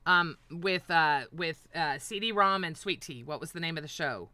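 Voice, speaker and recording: A woman hosting a livestream, ranting with heavy profanity and often breaking into shouts. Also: low-pitched, normal speed, crowd noise. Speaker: livestream host. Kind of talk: heated livestream rant.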